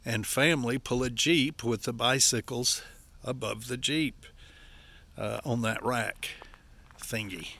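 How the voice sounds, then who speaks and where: Older Appalachian man, winded and gravel-voiced, giving a friendly outdoor vlog tour. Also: fairly low pitch, bright, forceful tone. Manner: folksy, chatty, keeps calling out "folks". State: out of breath from physical work. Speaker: vlogger, campground owner. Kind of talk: casual walk-and-talk vlog. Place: outdoors at a wooded campground.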